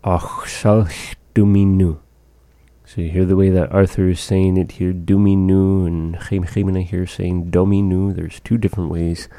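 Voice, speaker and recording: A man teaching a language lesson, repeating each phrase slowly and carefully for learners. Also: deep voice, flat delivery, warm tone, no room sound.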